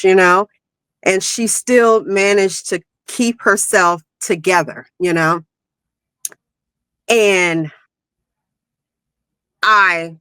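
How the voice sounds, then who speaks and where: A woman from South Carolina, appearing as a podcast guest, tells personal stories in a reflective, heartfelt, emotional way, dropping in lots of "you know"s. Her voice is medium-pitched and a bit bright, with no echo.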